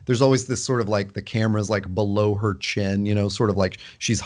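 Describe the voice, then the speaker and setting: A man with a somewhat low voice co-hosts a casual book-club podcast. He speaks thoughtfully and hesitantly, often pausing and restarting as he works through his thoughts. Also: fairly even intonation. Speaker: podcast co-host.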